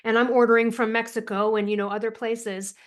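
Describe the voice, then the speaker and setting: With a fairly high voice and a fairly quick pace, an American guest author who also works as a thyroid coach shares stories in a podcast interview. She is emphatic and animated, performing the quotes she recounts.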